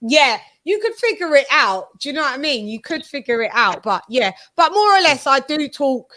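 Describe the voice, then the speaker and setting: A British woman hosting a casual group chat, talking fast and slipping into slang. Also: sits high, sing-song, sharp tone, no echo, clean studio sound. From United Kingdom. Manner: chatty, slips into impressions and slang. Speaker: show host.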